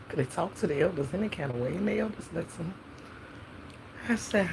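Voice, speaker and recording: Lady w a riffing a cussing comic story, lowish voice, kinda faint hiss behind. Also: expressive, fairly quick, vocal fry, pauses often. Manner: profane, sassy, laughs often. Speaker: podcast host telling a story in character.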